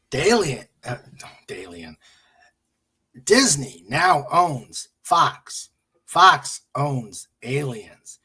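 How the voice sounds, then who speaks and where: A man's voice: on the high side, big pitch swings, extremely slow, pauses often, sharp tone, breathy edge. A man hosting a casual stream, reading memes and jokes aloud, chuckling and muttering to himself. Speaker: livestream host.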